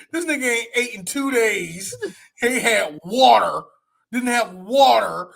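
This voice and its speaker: A man co-hosting a podcast in casual chat, animated and profane, often laughing as he rants. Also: very high-pitched, slow pace, gravelly, slight background noise. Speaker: podcast co-host. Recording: audio podcast.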